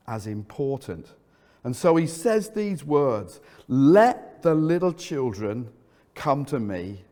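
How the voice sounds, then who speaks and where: A man preaching a sermon as pastor, telling a story vividly and dropping his voice low for emphasis. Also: darkish tone. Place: church hall. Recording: church hall reverb.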